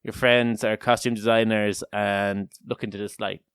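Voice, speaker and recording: A man's voice: lowish voice, flat delivery, normal speed, vocal fry, a bit bright, smooth, no echo. A man co-hosting a casual podcast chat, joking, rambling and swearing freely. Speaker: podcast co-host.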